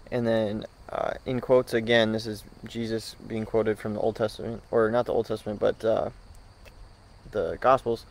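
A man giving a short morning church devotional, hesitant with many pauses and restarts, then reading scripture aloud. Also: on the low side, level tone, creaky, low-quality recording.

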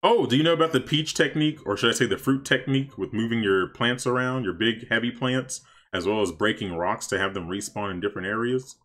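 A man casually commenting on his gameplay for stream viewers, chatty and excitable, talking to his chat. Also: mid-range voice, brisk, hardly any pauses. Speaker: streamer playing a life-sim game.

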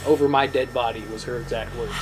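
A man's voice: mid-range voice, steady tone, quick pace, background noise. A man from the family in a documentary interview, matter-of-fact as he recalls family things.

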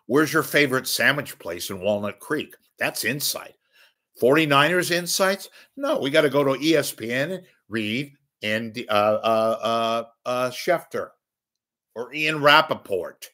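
A man hosting his own show, delivering a blunt, sarcastic, combative rant that swings between low mutters and loud outbursts. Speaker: media commentator host. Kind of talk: ranting monologue.

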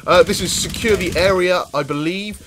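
A man giving chatty, excitable commentary over his own gameplay, often laughing and swearing. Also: high voice, normal speed, background noise. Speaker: gaming video host.

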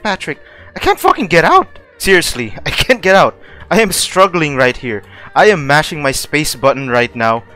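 A young man giving excitable let's play commentary who laughs often and swears. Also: fairly high pitch. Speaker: gaming streamer.

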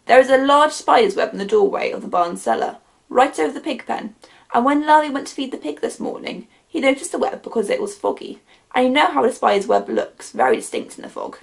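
A woman voicing a middle-aged male farmer, earnest and awed, speaking in a solemn, hushed way. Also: sits high, big pitch swings, brisk, vocal fry, exaggerated voice.

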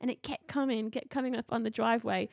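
A woman, co-hosting a casual chat, talking quickly and laughing often. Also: on the high side, steady tone, gravelly, no echo, clean studio sound. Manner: chatty and laughs easily. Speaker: podcast co-host.

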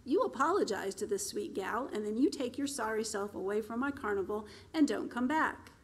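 This is a smooth-talking bearded carnival man, as a woman reads him out, friendly on the surface with a threat underneath. He keeps a pleasant, conversational drawl, pitched a little high. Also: lively intonation, moderate pace, fairly bright tone. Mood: genial. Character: easygoing bearded male carnival barker, genial but menacing.

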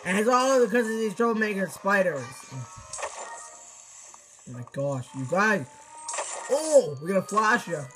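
A teenage boy giving excitable, rambling commentary over his gameplay, full of exclamations and restarts. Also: high-pitched, unhurried, pauses often, over music, rough recording. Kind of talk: casual game commentary.

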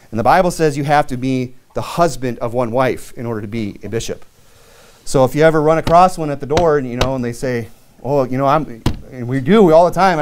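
A man preaching a sermon as pastor in a church, reading scripture aloud and talking plainly with frequent restarts. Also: medium pitch.

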